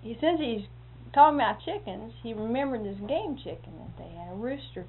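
A woman with a slightly high voice tells rambling stories in a casual way. She chuckles often and acts out the lines of the people in her stories. The sound is narrow and phone-like, with a faint hiss underneath. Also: expressive, a little fast. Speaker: storyteller. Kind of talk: casual anecdotal storytelling.

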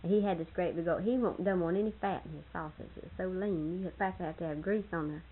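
An older woman with a husky voice, reminiscing casually about family and laughing often as she tells stories. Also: fairly low pitch, quick pace, narrow, tinny audio. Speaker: storyteller in family history interview.

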